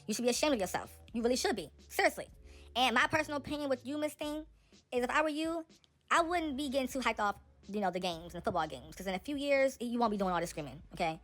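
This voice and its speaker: A woman's voice: on the high side, expressive, fast, fairly bright tone. A woman hosting a celebrity gossip channel, giving casual, sassy and opinionated commentary straight to her viewers.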